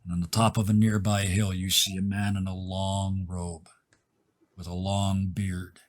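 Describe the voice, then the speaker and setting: A man narrating a tabletop role-playing game as game master, setting vivid scenes and dropping to a hush at key moments. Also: sits low, little pitch movement, measured pace.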